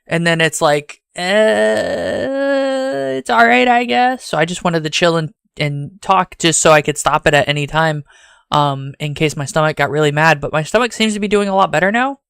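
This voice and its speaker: A rambling streamer with a Southern US accent. He chats casually to his viewers in a fairly high, smooth voice that sounds dry and close. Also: fairly quick, fairly bright tone, no echo. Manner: rambling and chatty, talks straight to chat.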